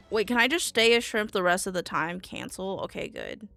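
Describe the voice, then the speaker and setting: A woman streaming a video game live, excitable and quick to swear, jumping from yelps to low muttering as she plays and thanks her chat. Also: gravelly, faint music behind.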